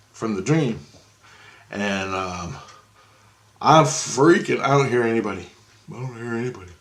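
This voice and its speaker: A man telling a story in a rambling, excitable way, with lots of swearing and restarts. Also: mid-range voice. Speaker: vlogger. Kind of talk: casual storytelling.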